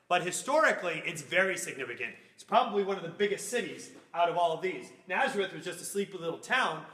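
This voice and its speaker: A man teaching a Bible class, animated and acting out little scenes in funny voices as he explains. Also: sits high, roomy sound.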